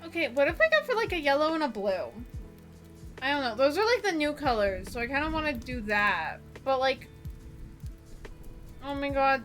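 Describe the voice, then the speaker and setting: A woman's voice: high-pitched, a bit bright. A woman from Georgia in the US, streaming while doing nail art and chatting casually, rambling and giggling, with the odd swear.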